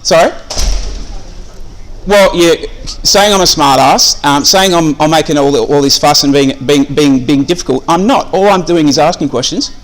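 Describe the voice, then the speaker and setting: In the reception area of a police station, an Australian man films officers on his phone and argues with them insistently, repeating his questions. He is a member of the public, and his confrontational voice is a little high and moderately paced.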